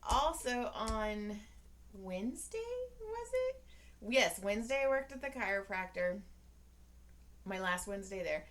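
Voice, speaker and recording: A woman co-hosts a casual chat podcast with her husband, spinning a story and slipping into the voices of the people in it. Her tone is bright and forward. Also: medium pitch, a little slow. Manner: animated storyteller acting out conversations. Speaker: podcast co-host.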